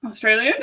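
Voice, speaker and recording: A young woman from South Africa co-hosting a casual book club chat, giggling often as she talks. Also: pushed and bright. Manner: giggly, chatty, laughs often.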